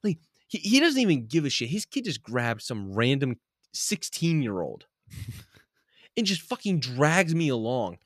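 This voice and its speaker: Animated young man telling a wild story. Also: medium pitch, measured pace, no echo, studio quality. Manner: animated, swears freely, laughs often. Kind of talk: casual storytelling chat.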